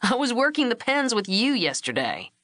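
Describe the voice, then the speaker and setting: A man's voice: very high-pitched, wildly swooping pitch, moderate pace, sharp tone, pitched above the performer's own voice, exaggerated voice. A woman reading an audiobook voices an amiable, joking young rancher son. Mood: amused.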